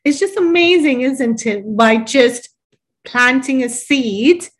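A woman interviewer with a high voice asks long, meandering questions. She leans on fillers and talks in a loose, chatty way. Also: slow pace. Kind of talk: conversational interview.

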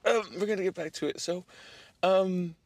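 A young man hosting a podcast, telling a story in casual chat, animated, often laughing and using lots of fillers. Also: high-pitched, normal speed, a little hiss or hum. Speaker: podcast host.

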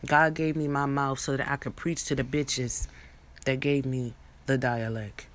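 A woman's voice: extremely low pitch, little pitch movement, unhurried. A young woman in a rambling, profane monologue, preaching at her viewers with many restarts and asides. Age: young adult.

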